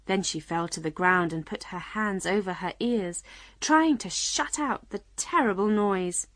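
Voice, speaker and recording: A woman narrating a children's storybook audiobook in a clear, measured reading. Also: medium pitch, a bit bright, dry recording.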